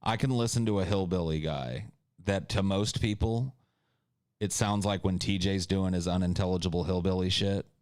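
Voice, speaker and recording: A man's voice: low-pitched, fairly even intonation, normal speed, a little mellow, no room sound, studio quality. A man hosting a podcast, talking in a crude, joking, ranting way. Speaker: podcast host. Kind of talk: casual comedic podcast chat.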